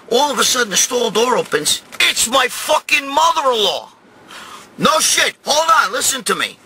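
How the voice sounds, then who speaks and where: A middle-aged man from New York hosting his own show, telling a crude, profane story and shouting in bursts. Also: very high voice, very animated, normal speed, slightly rough. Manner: loud, crude, swears constantly, shouts in bursts. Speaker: host. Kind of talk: profane storytelling rant to camera.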